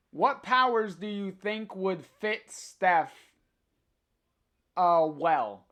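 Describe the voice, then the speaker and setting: A livestreamer reads a comic aloud at an unhurried, drawn-out pace. The talk is hesitant and full of filler sounds. It breaks off for chatty asides to the viewers. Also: medium pitch, lively intonation, a bit bright. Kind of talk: reading a comic aloud on stream.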